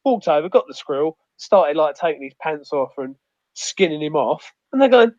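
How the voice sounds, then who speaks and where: A man's voice: on the high side, very animated, normal speed, darkish tone, dry recording. A man with a rambling, sweary storytelling manner in a casual outdoors chat. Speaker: outdoors guest. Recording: muffled dry audio.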